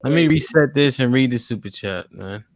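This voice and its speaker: A man's voice: mid-range voice, animated, moderate pace, no echo, studio quality. A man hosting a live-stream talk show, casually reading out donor messages and questioning a caller. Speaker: podcast host. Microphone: studio mic.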